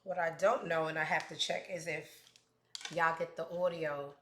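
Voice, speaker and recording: A woman's voice: low voice, fairly even intonation, moderate pace, a bit bright, echoey room. A woman hosting a casual livestream, chatting in a rambling, profane way with plenty of asides. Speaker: host.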